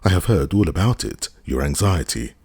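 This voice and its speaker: A man's voice: sits low, expressive, moderate pace, a little mellow, husky, dry recording. Man voicing a frigid, formal husband. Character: stiff, frigid older official husband.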